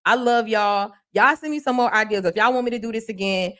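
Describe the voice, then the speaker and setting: A woman hosting a casual live-stream talk show, chatty and folksy, laughing often as she gives shout-outs to her viewers. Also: fairly high pitch, brisk. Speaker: host of a local news livestream.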